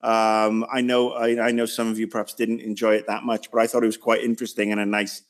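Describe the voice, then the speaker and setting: A man's voice: lowish voice, completely flat delivery, quick pace. A man co-hosting a casual podcast, rambling and hesitant with dry humor. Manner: rambling, hesitant, self-deprecating. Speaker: podcast co-host.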